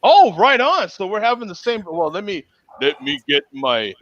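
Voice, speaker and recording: Lively joking man on a lo-fi call. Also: sits high. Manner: jokey, laughs a lot, halting restarts. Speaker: host. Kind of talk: casual chat. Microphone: video call. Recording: muffled lo-fi call audio.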